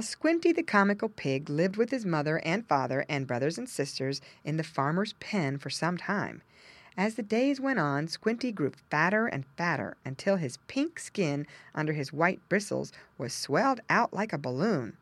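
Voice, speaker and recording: A woman narrating a children's storybook, with gentle asides explaining things to young listeners. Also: low voice, big pitch swings, moderate pace, no room sound. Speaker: audiobook narrator.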